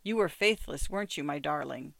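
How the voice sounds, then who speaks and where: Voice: mid-range voice, lively intonation, fairly quick, gravelly, fairly bright tone, no echo. A reader voicing a wry man teasing an old flame. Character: wry middle-aged man meeting a former lover.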